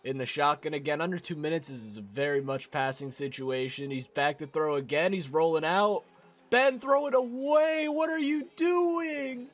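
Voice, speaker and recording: A young man with a raspy voice from a cold, commentating a football video game and yelling at big plays. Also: fairly high pitch. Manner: excitable, yells at big plays. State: hoarse from a cold. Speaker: gaming commentator.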